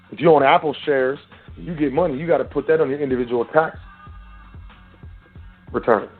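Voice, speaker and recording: A radio show host runs an internet call-in show, preaching straight at listeners in loose, street-casual speech. His middle-pitched voice has a breathy edge and comes through a thin, phone-like line over faint music.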